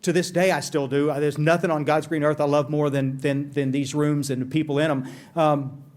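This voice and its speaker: A middle-aged man tells his recovery story with candid, self-deprecating humor. His voice sits high for a man, and he speaks straight to the people in the room. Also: little pitch movement, brisk, a little mellow. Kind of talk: recovery talk. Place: conference hall.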